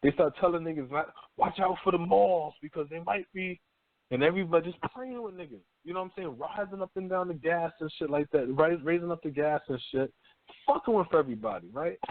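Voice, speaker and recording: A man's voice: a little high, fast talker, no echo. A man hosting a talk radio show, rambling through a profane, slangy monologue and acting out people in mock voices. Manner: animated storytelling with mock quoted voices. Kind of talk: casual monologue. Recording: tinny phone-line audio.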